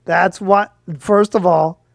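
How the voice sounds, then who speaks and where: A man co-hosting a casual podcast, rambling in an animated way with lots of filler. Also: high-pitched, slow pace, vocal fry. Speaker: podcast co-host, lawyer. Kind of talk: casual chat.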